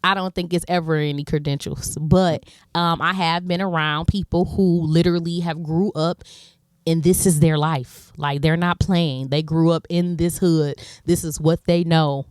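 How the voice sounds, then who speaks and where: A woman's voice: low voice, steady tone, normal speed, darkish tone, clean tone, no echo. Blunt woman comedian, dry close mic. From Detroit, USA. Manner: blunt, emphatic, slangy. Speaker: comedian guest. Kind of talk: casual podcast conversation.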